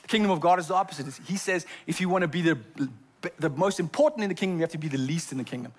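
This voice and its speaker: A man's voice: a little high, very fast, slightly rough. A man preaching a sermon as pastor in a church, often stumbling over repeated words as he talks. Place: church sanctuary.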